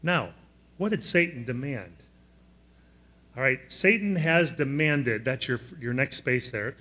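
A man's voice: medium pitch, expressive, unhurried, sharp tone. A man preaching a sermon as pastor, plainspoken and teacherly, often putting questions to the congregation and guiding them through fill-in notes. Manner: teaching style, walking listeners through note blanks.

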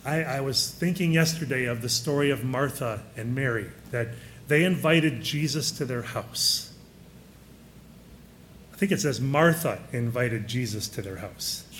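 A man with a medium-pitched, fairly bright voice preaches a sermon a little slowly, in a conversational style, often posing questions to his listeners. There is slight background noise.

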